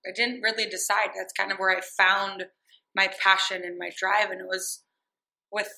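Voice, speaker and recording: A woman from Ohio chats as a podcast guest into a close studio mic. Her voice is bright and sharp with a gravelly, creaky edge. She talks in an animated, self-mocking way and laughs often. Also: mid-range voice, normal speed, rough recording. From Ohio, USA. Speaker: podcast guest, licensed cosmetologist working as a barber. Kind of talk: casual podcast interview. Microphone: close studio microphone.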